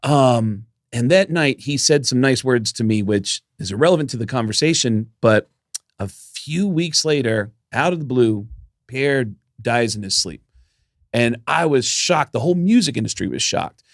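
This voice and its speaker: A man's voice: medium pitch, animated, moderate pace, no room sound, clean studio sound. A middle-aged man co-hosting a podcast, telling a long story in casual chat, acting out the voices of the people he quotes and swearing now and then. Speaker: podcast co-host.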